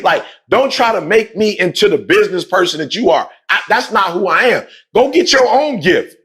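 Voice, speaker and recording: A man's voice: high voice, lively intonation, moderate pace, hardly any pauses, a bit bright. A middle-aged man and motivational speaker who tells his story in a candid, conversational way. He is emphatic and repetitive and uses street slang. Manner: emphatic and repetitive, street slang, frequent "you know what I'm saying".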